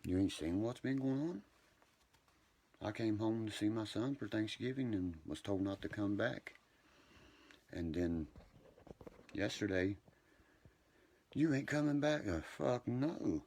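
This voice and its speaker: Very deep voice, gravelly, man, profane rambling live stream. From West Virginia. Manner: profane, agitated, swings between ranting and quiet apology. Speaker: social media live streamer.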